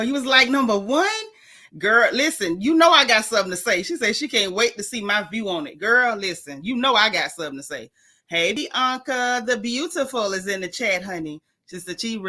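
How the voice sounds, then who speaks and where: Bright chatty woman greeting viewers. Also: mid-range voice. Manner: chatty, greets viewers by name, Southern US slang. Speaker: livestream host. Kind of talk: casual livestream chat.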